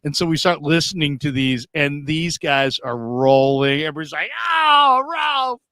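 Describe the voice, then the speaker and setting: A middle-aged man hosting a sports talk show, telling stories in an animated, casual way with frequent stammering restarts. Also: a little high, normal speed, smooth, no room sound, clean studio sound.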